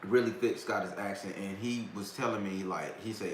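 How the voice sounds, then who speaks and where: A man talks to his viewers in a loose, rambling way, circling back with slangy asides. His voice sits on the low side. The recording is echoey, with a faint hiss of background noise. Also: normal speed, hardly any pauses. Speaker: host of a talk stream. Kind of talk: casual storytelling to viewers.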